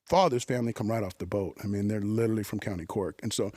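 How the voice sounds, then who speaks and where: A man in his fifties from New York, telling stories as a guest in a casual interview, animated and emphatic, with frequent swearing and restarts. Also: lowish voice, fast, dry recording, studio quality.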